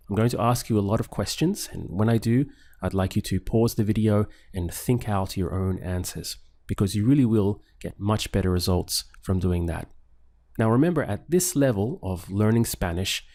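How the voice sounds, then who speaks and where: A man with a mellow, fairly low voice leads a scripted language lesson for beginners. He speaks in slow, deliberate phrases and spaces each word clearly for the learner. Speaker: language teacher.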